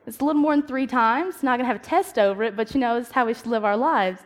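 A woman's voice: a little high, fast. A young woman giving a casual devotional talk, telling stories and acting out her own thoughts. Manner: chatty, storytelling, acts out her own inner dialogue. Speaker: youth speaker. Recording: long reverb of a hall.

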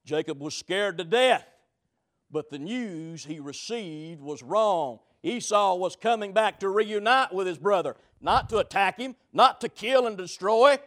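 A man preaching a sermon, telling stories dramatically, swinging between shouting and low murmurs. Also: lively intonation, measured pace.

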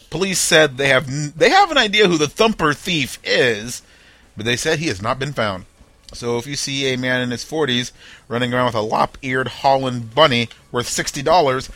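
A man's voice: mid-range voice, sharp tone, no room sound. A young man hosting a comedy news roundup, reading headlines with wry, jokey asides and putting on mock-dramatic voices for the people in the stories. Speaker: podcast host.

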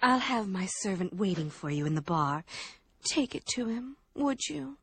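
A woman's voice: medium pitch, big pitch swings, moderate pace, fairly bright tone, slightly rough, dry recording, heavily acted. An actress playing a commanding woman who sends orders through her servant. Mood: imperious. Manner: imperious, giving orders.

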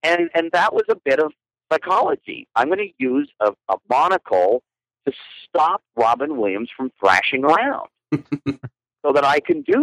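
A man from Canada, a guest photographer, telling stories in a playful, animated way in a podcast interview. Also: medium pitch, dry recording, low-quality recording. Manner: animated, playful, frequent laughter.

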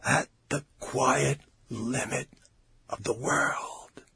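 A man's voice: mid-range voice, steady tone, drawn-out words, creaky, pushed and bright, breathy edge, no room sound, exaggerated voice. A man voicing a quavering, whispery withering man. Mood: eerie. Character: young man withering into a rasping corpse, eerie and remote.

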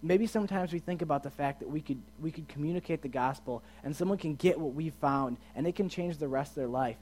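A man giving a casual sermon as a youth pastor, chatty and asking his listeners questions, swinging from quiet to loud and emphatic. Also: on the high side, quick pace, a little hiss or hum. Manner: chatty, asks the audience questions.

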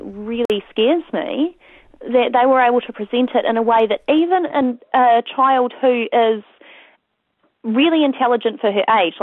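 A woman's voice: on the high side, dry recording. Chatty New mother on a phone line. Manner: chatty, storytelling, full of "you know". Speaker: parent guest. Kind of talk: casual interview chat. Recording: tinny phone line, dry.

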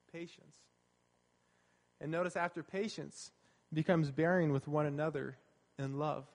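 A pastor giving a sermon, earnest and conversational, who repeats his key phrases. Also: on the high side. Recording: long hall reverb.

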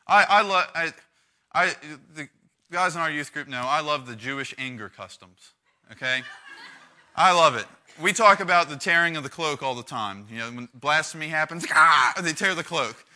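A man preaching to a youth group in a lively, conversational way, acting out the quotes he reads with big swings in volume. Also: a little high. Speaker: youth pastor.

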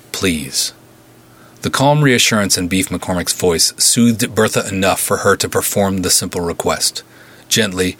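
A man narrating a pulp-style serial story in a measured, vivid storytelling manner. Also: low-pitched, fairly bright tone, breathy edge. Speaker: writer and narrator.

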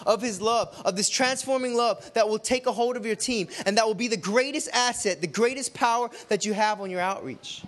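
A man with a fairly high voice delivers a sermon built around a personal story. He talks in a chatty, animated way, slipping into the voices of the people he quotes. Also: fairly quick, hardly any pauses. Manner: animated, conversational, acts out quotes. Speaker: preacher.

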